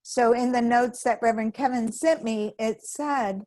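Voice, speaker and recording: In a dry recording, a woman with a slightly high, somewhat mellow voice speaks at normal speed as a guest speaker at a spiritual center. Her sermon is conversational, and she acts out the voices of those she quotes.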